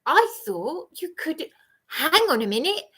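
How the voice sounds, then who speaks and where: A woman's voice: high-pitched, very animated, measured pace, a bit bright. A woman ranting angrily on a livestream, accusing and repeating herself. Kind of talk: angry livestream rant.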